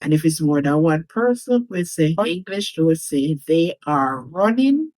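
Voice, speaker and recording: A Jamaican woman teaching a language lesson, giving example phrases slowly and deliberately and spelling out letters. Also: low voice, expressive, mellow, no room sound, rough recording.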